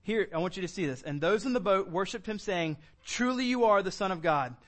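A man's voice: high-pitched, lively intonation, fairly quick, a bit bright. A male pastor preaching a conversational sermon, mixing scripture reading with casual asides. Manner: reads scripture aloud.

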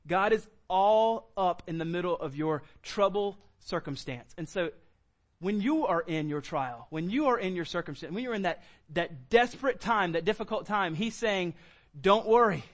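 Male pastor, high-pitched, lively sermon delivery with acted-out quotes. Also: normal speed. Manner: animated preaching, acts out quoted lines with sudden high bursts.

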